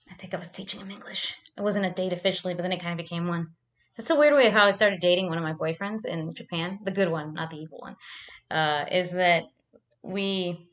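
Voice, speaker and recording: A woman's voice: on the low side, fairly bright tone. A woman vlogging at home into a camera mic, telling rambling, profane stories in casual chat with lots of "like". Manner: rambling, profane storytelling with frequent likes.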